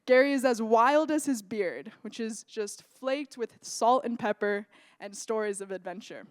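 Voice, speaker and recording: Young woman, storytelling, smooth voice, dry sound, lively delivery. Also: a little high, unhurried, no echo. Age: young adult. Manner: lively, animated, builds suspense. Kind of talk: personal storytelling.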